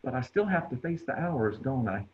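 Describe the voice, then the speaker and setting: A young man acting a tender, worn-out dying man in a soft, halting, half-whispered monologue over a video call. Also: mid-range voice, very animated, lightly acted. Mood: wistful. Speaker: acting student. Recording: tinny video call audio.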